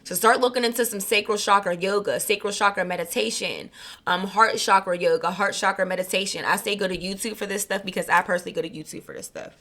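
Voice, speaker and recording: A woman giving a casual, slangy spiritual card reading, chatty and quick to laugh. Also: medium pitch, steady tone, pushed and bright. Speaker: tarot reader.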